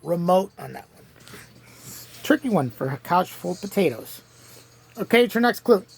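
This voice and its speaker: A woman hosting a home-made crossword game show, reading clues and spelling answers letter by letter, pausing and restarting often. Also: fairly low pitch, animated, vocal fry, darkish tone, a little hiss or hum. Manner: halting, with frequent restarts.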